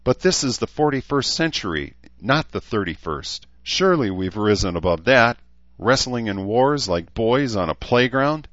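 A man's voice: mid-range voice, big pitch swings, moderate pace, a bit bright, no room sound, highs cut off, voice pushed up. A man reading an audiobook voices an idealistic young woman who argues back with indignation. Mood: earnest. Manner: indignant, challenging.

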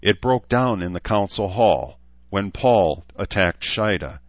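A young woman laying out her argument in a steady, reasoned way, as a male narrator reads her. The voice is very deep, and the sound is dry and slightly muffled. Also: unhurried, no echo.

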